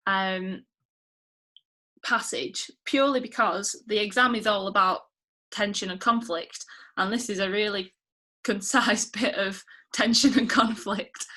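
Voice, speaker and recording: Bright-voiced teacher on a video call. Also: female voice, a little high. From England. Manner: encouraging, chatty and informal. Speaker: English teacher. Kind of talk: online lesson.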